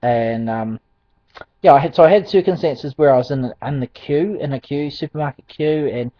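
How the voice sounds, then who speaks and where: A man's voice: medium pitch, moderate pace, no echo. A man telling a personal faith testimony in a rambling, hesitant way, full of ums and restarts and frequent chuckles. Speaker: Christian testimony speaker. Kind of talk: casual spoken testimony. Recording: dull dry lo-fi recording.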